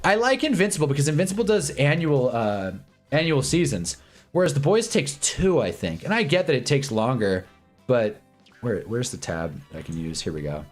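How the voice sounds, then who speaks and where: A young man hosts a sports watch-along livestream, his medium-pitched voice sing-song as he chats casually and candidly. He rambles, swears, repeats himself and puts on quick voices when quoting people, with faint music playing behind him.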